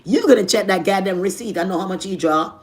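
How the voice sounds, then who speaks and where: A female vlogger with a Jamaican accent tells a personal story in casual vlog style, animated and blunt, swearing plenty and swinging between loud and soft. Her voice is medium-pitched and her pace quick.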